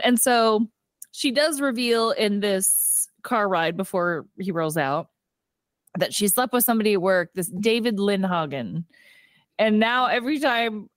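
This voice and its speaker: A woman's voice: medium pitch, no room sound, studio quality. Giggly woman recapping a movie. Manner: giggly, animated retelling with acted-out quotes. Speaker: podcast co-host. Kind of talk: casual movie recap chat.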